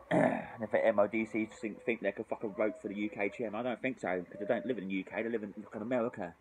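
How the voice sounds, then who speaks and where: A man's voice: lowish voice, fairly even intonation, a little fast, long pauses, slight background noise, poor audio. A British man rambling and swearing through a casual drinking vlog outdoors in the cold, tipsy and shivering, sighing often. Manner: sweary, rambling, frequent sighs. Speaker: drinking vlogger.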